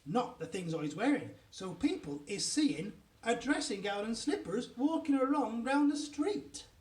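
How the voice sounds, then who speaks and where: A man reading aloud, voicing an excitable, boastful young boy who talks in broken grammar. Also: a little slow, reverberant, far from the mic. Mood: boastful glee. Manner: ungrammatical giant-style speech, bursts high.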